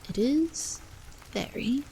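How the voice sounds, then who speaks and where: A woman voicing a calm, faintly hostile stranger in a whispered role-play, with a measured drawl. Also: high voice, pitched above the performer's own voice, rough recording. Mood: aloof. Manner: cool, measured drawl, picking words. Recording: faint rain noise behind.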